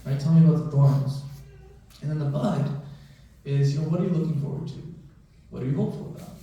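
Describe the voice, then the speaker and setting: In a big mosque prayer hall, a male doctor talks casually to the gathering, often adding "right?" and "you know." He has a fairly high, warm voice and speaks fairly quickly, picked up from far away in the echoing space.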